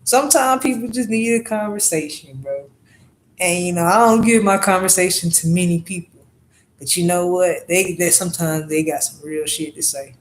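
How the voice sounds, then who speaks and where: A woman's voice: on the low side, normal speed, a little hiss or hum, rough recording. A woman vlogger telling rambling, profane stories in a casual monologue, often asking "you know what I'm saying".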